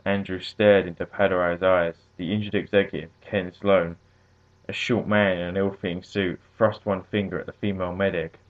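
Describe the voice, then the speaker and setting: Deep-voiced man reading a story. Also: flat delivery, normal speed. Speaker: narrator. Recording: tinny phone-like audio.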